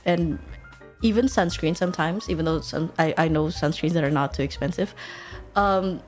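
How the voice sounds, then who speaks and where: A woman's voice: sits low, moderate pace, a little mellow, soft background music. A woman in her twenties, a streamer, chatting casually, swearing a lot and laughing often. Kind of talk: casual chat.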